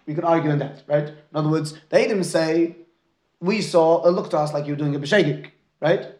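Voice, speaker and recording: A man's voice: a little high, fairly even intonation, a little fast, a little mellow, echoey room. A man teaching a Talmud class, mixing Aramaic and Hebrew terms into his English and often checking in with his students by asking "right?". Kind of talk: lecture with student questions.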